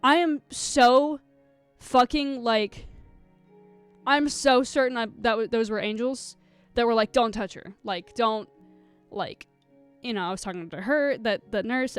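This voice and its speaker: A woman's voice: on the high side, normal speed, clean tone, soft background music. Shaken young woman streamer telling a story. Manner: shaken, rambling, swears a lot, close to tears. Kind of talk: casual storytelling to a live chat.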